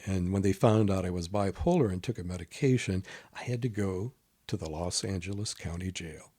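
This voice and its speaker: A man with a lowish voice tells stories in a relaxed, conversational way. He gets animated, jumping up in pitch when he acts out other people's lines. Sometimes he drops his voice to a near whisper for an aside. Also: moderate pace, slightly rough. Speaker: guest. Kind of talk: casual storytelling conversation.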